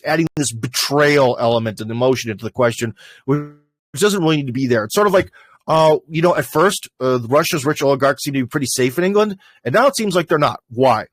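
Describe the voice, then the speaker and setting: A fairly high-voiced American man chats on a livestream in a loose, rambling way, full of "uh"s and half-finished starts. His voice is close and dry, with no room around it. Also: no echo. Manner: rambling, conversational, lots of fillers and restarts. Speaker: livestream host. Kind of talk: casual livestream commentary.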